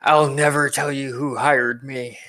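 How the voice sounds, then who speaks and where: A man's voice: medium pitch, level tone, measured pace, bright, forceful tone, no echo, voice pushed up. A man voicing a captured giant bird creature that stubbornly refuses to talk. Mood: defiant.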